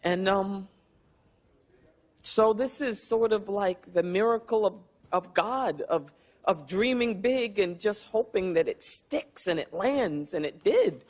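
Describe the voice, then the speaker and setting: A woman in her fifties answers press questions backstage after an award, speaking slowly and thoughtfully. Her words come unhurried, with a heartfelt, reflective manner. Her voice sits at a middling pitch for a woman. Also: animated, a little mellow. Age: 50s. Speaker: award-winning actress, interview guest. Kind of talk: press-room interview answers.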